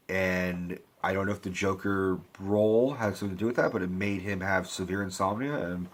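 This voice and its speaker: Middle-aged male vlog host: low, husky, rambling, profane movie rant. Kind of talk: ranting movie review.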